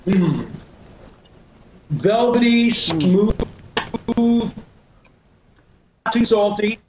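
An older man with a high voice tells stories and tastes food in a casual studio chat. He savors each bite and talks with emphasis. The room is echoey, with faint noise underneath. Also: lively intonation, drawn-out words. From United States.

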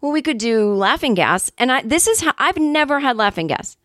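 A woman's voice: high voice, very animated, a little fast, fairly bright tone, no room sound, clean studio sound. A woman hosting a comedy podcast, telling a rambling, self-deprecating story and speaking openly about her anxiety in a casual way.

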